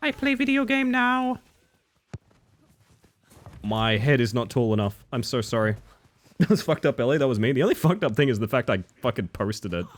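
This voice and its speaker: A man's voice: mid-range voice, lively intonation, fast talker. A man streaming a video game live, chatting casually with his viewers, laughing often and swearing freely. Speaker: livestreamer. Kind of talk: casual live gaming commentary.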